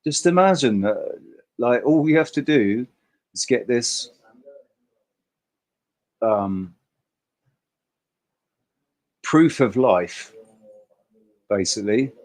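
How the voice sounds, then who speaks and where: A man's voice: mid-range voice, expressive, drawn-out words, pauses often, a little mellow. A man hosting a casual livestream chat, talking emphatically in a rambling way and swearing freely. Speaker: host.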